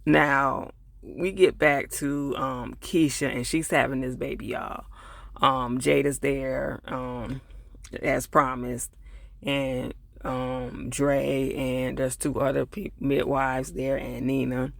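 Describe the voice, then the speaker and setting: A man with a gravelly, fry-edged voice recaps a TV episode in a loose, chatty way, talking straight to his viewers. He acts out the characters' lines as he retells each scene. The sound is dry and close. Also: mid-range voice, little pitch movement, takes it slowly, no echo. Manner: chatty, loose, full of fillers and asides to viewers; gets heated and louder when annoyed. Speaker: TV episode reviewer. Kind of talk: casual episode recap and review.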